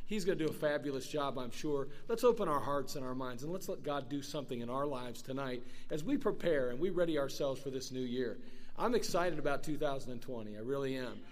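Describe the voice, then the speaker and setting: A man, the church's pastor, introducing a guest preacher at a service in a halting way, with many pauses and restarts. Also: medium pitch, animated.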